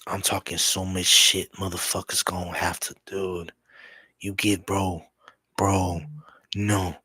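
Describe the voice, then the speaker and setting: A man with a low voice talks football on a live stream, loose, slangy and full of curses. He repeats lines and gets worked up about picks. The sound is close and dry, with no room echo. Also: takes it slowly, husky. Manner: profane, excitable, slangy, repeats himself; drops into a hushed whisper to save his voice. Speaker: fan streamer hosting a draft watch party. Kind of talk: excited live-stream sports chat.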